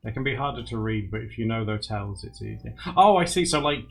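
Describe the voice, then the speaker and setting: A man's voice: on the low side, animated, brisk, vocal fry. A young man livestreaming to viewers in casual, rambling chat. He laughs often and acts out quotes. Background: faint music.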